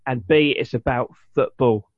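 Speaking a little slowly in a mid-range voice, a male podcast co-host chats casually, rambling with frequent restarts and fillers. The audio has no echo but a dull, lo-fi quality.

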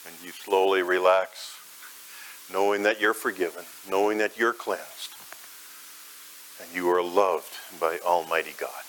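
A man preaching a sermon as guided imagery, dramatic, swelling loud and high, then dropping soft and low. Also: fairly even intonation, measured pace, slight background noise, poor audio.

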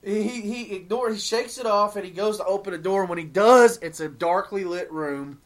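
A man's voice: high-pitched, moderate pace. A man in casual podcast chat, telling stories with energy, acting out quoted lines and swearing freely. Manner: animated storyteller, acts out quotes, swears.

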